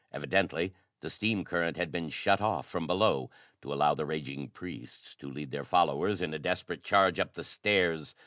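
Deep male audiobook narrator, dramatic reading, dry studio sound. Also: fairly bright tone, no echo. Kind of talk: audiobook reading of pulp adventure fiction.

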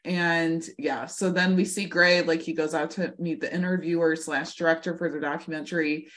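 A woman's voice: deep voice, steady tone, normal speed, a bit bright. A woman co-hosting a podcast, recapping a TV episode in a gushing, chatty way with lots of fillers. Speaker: podcast co-host. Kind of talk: casual chat recapping a TV episode.

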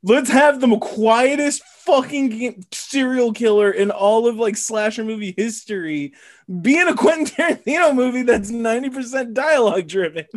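A man's voice: very high voice, animated, moderate pace. A man co-hosting a casual podcast, throwing in sarcastic, crude quips. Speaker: podcast co-host. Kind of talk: casual chat.

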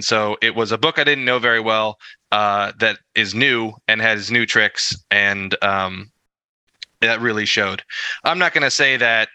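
A man's voice: on the low side, bright, forceful tone, smooth, dry recording. A man co-hosting a casual podcast about tabletop gaming, rambling with lots of fillers and self-deprecating chuckles. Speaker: podcast co-host.

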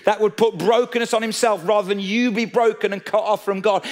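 A man preaching a sermon, telling a story with animated energy and speaking straight to his listeners. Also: high-pitched, a little fast, hardly any pauses. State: out of breath.

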